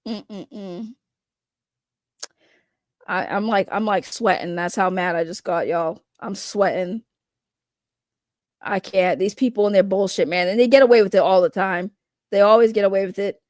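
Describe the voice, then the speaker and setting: A woman's voice: mid-range voice, moderate pace, darkish tone, no echo, studio quality. A woman giving heated, profane reaction commentary as a vlogger, repeating her angry points. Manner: heated, profane, repetitive ranting.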